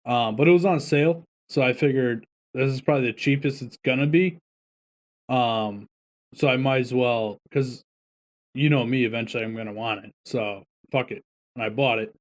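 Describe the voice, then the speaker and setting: A man's voice: medium pitch, moderate pace. Chill podcast cohost guy, mid voice, real offhand and easygoing. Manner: laid-back, offhand. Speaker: podcast co-host. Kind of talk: casual chat.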